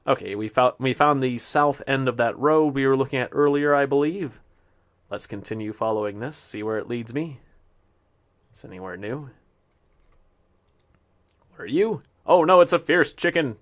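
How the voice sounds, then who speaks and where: A man's voice: mid-range voice, moderate pace, pauses often. A man giving casual commentary while he plays a game, chatting to the animals he meets and reading the game's text aloud. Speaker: gameplay commentator. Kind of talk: casual let's-play commentary.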